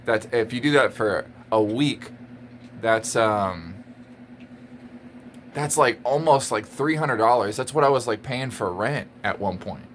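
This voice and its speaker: A man ranting to his camera in an exasperated, emphatic way, repeating his points and laughing between lines. His voice sits at an ordinary pitch for a man, with a faint hum of background noise behind it. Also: unhurried. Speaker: vlogger. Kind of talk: casual rant to camera.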